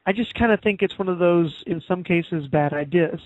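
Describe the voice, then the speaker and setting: A male podcast host chatting casually, his voice sitting a touch high. He rambles through fillers and restarts and laughs easily. The audio is dry, narrow and phone-like. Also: moderate pace, dry recording. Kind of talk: casual chat.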